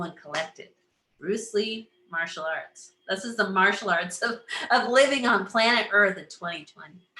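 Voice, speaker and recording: A woman's voice: mid-range voice, fairly bright tone. A woman astrologer hosting a casual live stream, bubbly, laughing often and acting out little inner voices as she talks to viewers. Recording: roomy echo.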